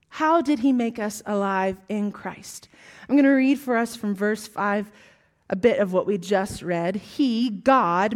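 This sermon comes from a Southern-accented woman whose voice is fairly high. She swings between forceful, climbing phrases and quiet whispered asides.

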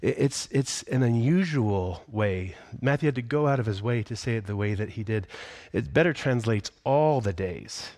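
A middle-aged man preaching a sermon in a conversational way, dropping to hushed whispers on key phrases. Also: mid-range voice, animated, moderate pace, hardly any pauses, no echo, clean studio sound. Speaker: pastor.

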